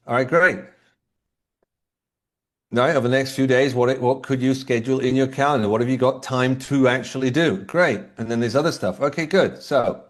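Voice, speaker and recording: A man at an ordinary mid pitch talks as a leadership coach and guest in an interview. He explains his points through anecdotes, then asks rhetorical questions in a relaxed, conversational way.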